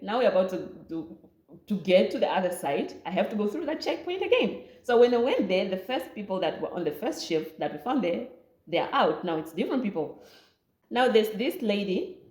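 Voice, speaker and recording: A young Namibian woman with a Namibian accent, telling a lively storytime vlog, laughing often and mixing in local words. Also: mid-range voice, normal speed, roomy sound. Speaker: vlogger. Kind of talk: storytime chat.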